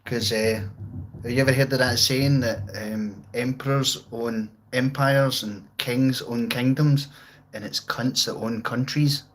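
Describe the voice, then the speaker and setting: On a low-quality recording, a Glaswegian man streams live from his home, where a guitar and amp sit nearby. His medium-pitched voice stays fairly even and measured as he rambles, curses playfully and reads out what viewers write.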